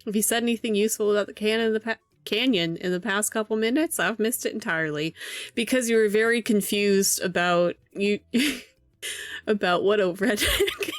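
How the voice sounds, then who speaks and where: A woman's voice: medium pitch, animated, normal speed, dry recording, soft background music. A woman streamer reading a visual novel aloud and commenting, amused and profane, laughing often.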